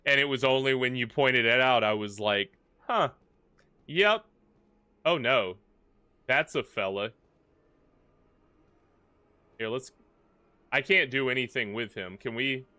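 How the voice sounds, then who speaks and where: A man livestreaming a horror game, talking in a loose, jokey way and coaxing the characters on screen. His voice is bright and smooth. The sound is close and dry, with no room around it. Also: mid-range voice, a little slow, pauses often, dry recording. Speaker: gaming livestream host. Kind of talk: casual live commentary.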